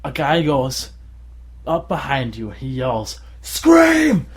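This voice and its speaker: A tired man co-hosting a podcast in casual chat, rambling and laughing often as he acts out shouted quotes. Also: mid-range voice, measured pace. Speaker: podcast co-host.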